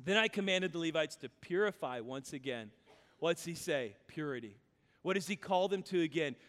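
A male pastor preaching a sermon, reading scripture aloud and then explaining it in an animated, humorous way. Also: on the high side, normal speed. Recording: long reverb of a large hall.

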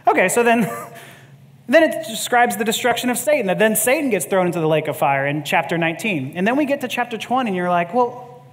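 A man's voice: sits high, expressive, quick pace. A man preaching a teaching sermon in a conversational way, laughing often and repeating words as he gathers his thoughts. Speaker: pastor. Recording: reverberant hall.

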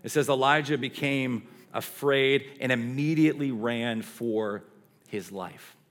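A male pastor preaching a sermon, retelling a story in a lively way with casual asides. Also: mid-range voice, unhurried.

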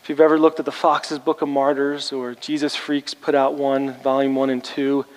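A man's voice: little pitch movement, moderate pace, long reverb tail, rough recording. A man pastor preaching a sermon, turning rallying and emphatic as he challenges the congregation. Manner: rallying, rising in pitch and force when challenging the congregation.

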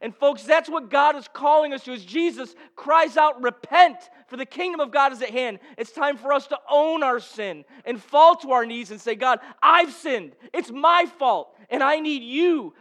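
A man preaching with a very high-pitched voice and fervent delivery. He swings from ringing, emphatic calls to hushed, intimate storytelling. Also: moderate pace, few pauses. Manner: impassioned, building to shouts then dropping to hushed storytelling. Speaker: pastor. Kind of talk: sermon.

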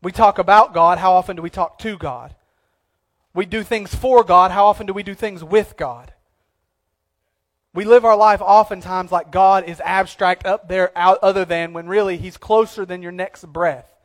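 Male pastor, high-pitched, impassioned sermon delivery, hushed to emphatic. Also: steady tone, moderate pace.

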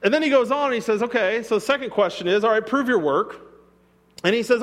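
A man's voice: extremely high pitch, fast, a bit bright. A man preaching a sermon as pastor, talking casually and acting out quotes, sometimes with sarcasm. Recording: long reverb of a church hall.

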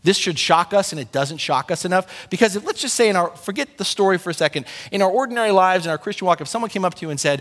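Animated pastor preaching in a reverberant hall. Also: male voice, high-pitched, fast, few pauses. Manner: animated, conversational preaching with acted-out asides. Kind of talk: sermon.

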